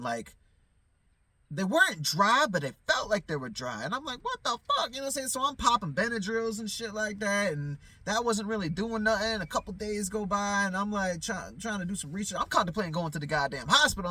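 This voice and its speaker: Man, vlog monologue, casual and profane, bright sharp tone, rambling with restarts. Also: high-pitched, big pitch swings, brisk, no room sound. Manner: profane, loose, repeats "you know what I'm saying"; loses his train of thought, stammers restarts. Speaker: vlogger.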